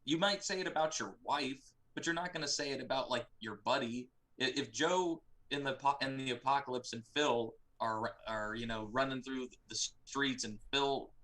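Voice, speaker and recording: A man's voice: medium pitch, fairly bright tone. Ranting, swearing male podcast co-host. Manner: ranting, profane, sarcastic. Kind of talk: casual review chat.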